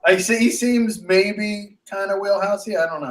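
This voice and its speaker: A man's voice: high voice, normal speed. Podcast co-host, man with Pittsburgh accent, loose rambling jokey delivery. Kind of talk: casual chat.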